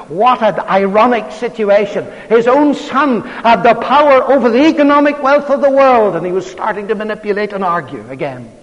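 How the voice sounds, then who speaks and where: A man's voice: high-pitched, moderate pace, few pauses, muffled recording. A man preaching a sermon, telling a story dramatically with strong emphasis. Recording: long reverb of a large hall.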